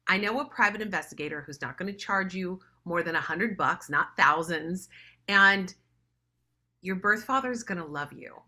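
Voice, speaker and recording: A woman voicing a reassuring male friend, speaking in a calm, steady way. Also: sits high, normal speed, heavily acted.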